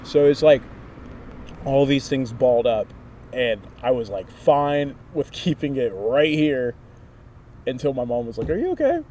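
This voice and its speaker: A man's voice: mid-range voice, a little slow. A man in his twenties talking casually with a friend, telling a story with lots of expression and acting out other people's lines. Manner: animated storyteller who acts out quotes. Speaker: vlogger. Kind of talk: casual conversation. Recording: distant mic with clear noise.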